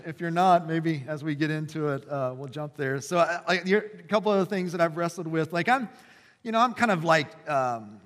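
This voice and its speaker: A passionate male pastor in his forties delivers a sermon with a fairly high voice. His talk is conversational and loose, full of fillers and restarts. His voice rings with a long reverb through a church hall. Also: animated, moderate pace, a bit bright. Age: 40s. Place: church sanctuary.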